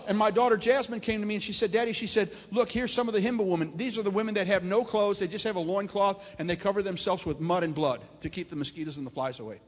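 High-voiced preacher in an echoing hall. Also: male voice, fast talker, few pauses. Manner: animated preaching, rising and loud at climaxes. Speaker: pastor. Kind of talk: storytelling sermon. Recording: long hall reverb.

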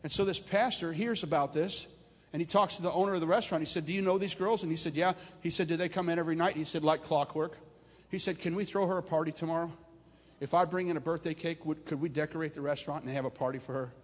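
A pastor with a high voice tells long stories in a fast, animated sermon to his congregation. He grows louder and higher as he drives his points home, rising at the climaxes, and his voice rings through a big, reverberant hall.

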